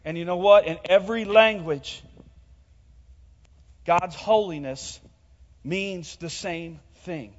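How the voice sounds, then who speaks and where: Pastor guy preaching, high voice, big church echo, kinda muffled. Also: slow pace, pauses often. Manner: preaching, calls on the congregation to speak. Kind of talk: sermon. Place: church hall. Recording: muffled sound with long hall reverb.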